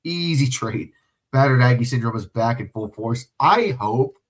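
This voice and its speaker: Young guy yelling and cursing at a football stream, then rattling off plays, normal mid voice. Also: medium pitch, lively intonation, normal speed. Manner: profane, emotional outbursts at plays. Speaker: livestream watch-along host. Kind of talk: excited live play-by-play commentary with chat. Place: home room.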